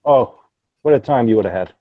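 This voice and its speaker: Brief: calm, even-voiced man explaining things over a noisy, dull voice chat line. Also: mid-range voice. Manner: measured, explanatory, teasing. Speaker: gaming lobby player. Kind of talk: casual gaming voice chat.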